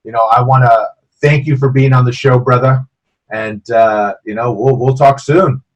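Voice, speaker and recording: Husky guy hosting an interview show, laid back, hypes his guest up, calls him bro. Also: mid-range voice, steady tone, moderate pace, rough recording. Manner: friendly, calls guest brother, enthusiastic. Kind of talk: casual interview conversation.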